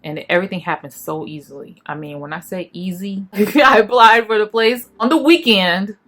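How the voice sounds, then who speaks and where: A woman, sharing an emotional faith testimony at home while packing, fast in bursts and then soft. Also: medium pitch. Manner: earnest, emotional, talks fast in bursts and then goes quiet. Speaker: faith vlogger. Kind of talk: personal testimony vlog.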